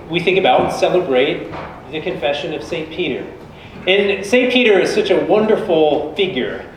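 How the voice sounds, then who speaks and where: Male preacher, chatty sermon delivery, booming church reverb, faint hiss. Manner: conversational, informal storytelling. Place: large church. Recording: echoey church from a distance.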